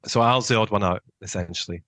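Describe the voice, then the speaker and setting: Lowish-voiced guy hosting a podcast, rambly, lots of ums, dry close sound. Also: fast, pushed and bright, no room sound. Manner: rambling, self-deprecating, lots of fillers. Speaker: podcast co-host. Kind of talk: casual podcast chat.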